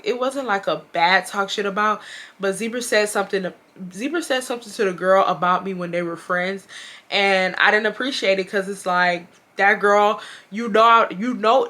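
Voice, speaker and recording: A young woman from Houston, Texas telling a storytime to her viewers, blunt and profane, with an animated delivery. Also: medium pitch. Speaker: storytime vlogger. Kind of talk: casual storytelling to camera.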